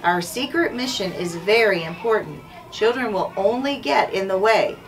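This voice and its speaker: A woman's voice: mid-range voice, expressive, moderate pace, close to an everyday voice. A woman voicing a grave, commanding army captain while reading a storybook aloud. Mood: stern. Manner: firm, solemn read-aloud delivery. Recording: distant mic, faint background noise.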